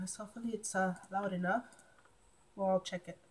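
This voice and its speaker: A woman's voice: medium pitch, fairly even intonation, brisk, a little mellow, breathy edge. A woman with a cold, nasal and a little short of breath, chatting casually to her channel's viewers. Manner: chatty, rambling, self-correcting. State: sick and nasal. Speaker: YouTube vlogger. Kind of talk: casual vlog intro to camera.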